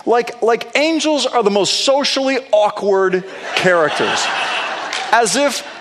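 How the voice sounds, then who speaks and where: Animated storytelling pastor in a reverberant hall. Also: male voice, high-pitched, unhurried, noisy background. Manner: animated storyteller, playful asides. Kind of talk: storytelling sermon. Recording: long reverb of a large hall.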